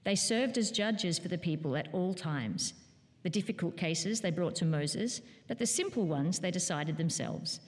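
A woman reading a Bible passage aloud in a church, at a steady, measured pace. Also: lowish voice. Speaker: scripture reader. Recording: long church reverb.

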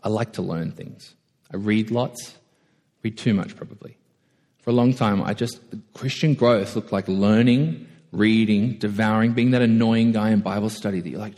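A man preaching a conversational sermon, self-deprecating and animated when telling stories. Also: lowish voice, normal speed. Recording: echoey hall.

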